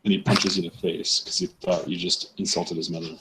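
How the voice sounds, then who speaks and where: Male chat participant, dry wit, lowish pitch, faint hiss. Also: fairly even intonation, a little fast. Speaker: participant in online paint and chat. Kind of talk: casual group chat.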